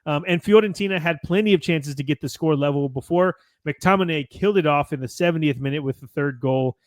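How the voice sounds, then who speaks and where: An American man hosts a podcast and runs through match results from his notes. He talks in a chatty way and often corrects himself, in a slightly high voice. The mic is close and dry. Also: a little fast, dry recording. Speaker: podcast host. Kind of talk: reading a match recap with casual asides.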